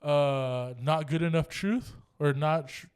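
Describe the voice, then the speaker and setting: Animated young man telling a wild story. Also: a little high, slow, clean tone. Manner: animated, swears a lot, acts out both sides of quoted dialogue. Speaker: podcast co-host. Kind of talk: casual storytelling chat.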